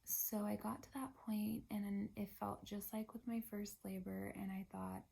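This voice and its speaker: A young woman casually telling a personal story in a chatty way, often dropping to a hushed, half-whispered voice. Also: mid-range voice, little pitch movement, normal speed, creaky, hardly any pauses, slightly rough. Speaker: vlogger.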